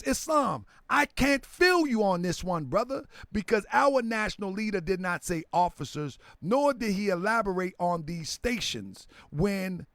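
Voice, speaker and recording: A man giving a live-streamed lecture with an emphatic, preaching delivery that drops into quiet asides. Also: high-pitched, no echo, clean studio sound.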